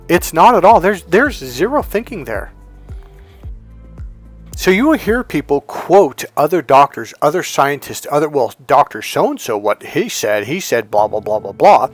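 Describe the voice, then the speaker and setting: A man who works as a dating and relationship coach, giving an emphatic, repetitive motivational monologue. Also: a little high. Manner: emphatic, repetitive, preachy lecturing.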